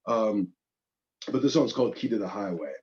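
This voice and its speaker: A man, a guest guitarist on a livestream, talking casually in a relaxed, rambling way with many pauses and fillers. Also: on the low side, muffled recording. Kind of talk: singing with guitar, then casual spoken intro. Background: loud guitar.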